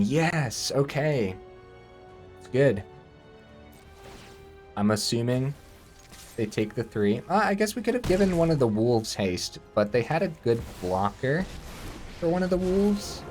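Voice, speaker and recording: A man giving casual gameplay commentary, thinking aloud and breaking into excited outbursts. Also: medium pitch.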